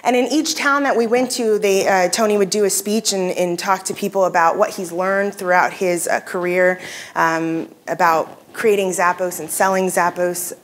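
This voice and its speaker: A woman's voice: mid-range voice, steady tone, normal speed. Woman giving a keynote talk. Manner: conversational, frequent fillers and restarts. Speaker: keynote speaker. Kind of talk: conference keynote presentation. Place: convention hall stage.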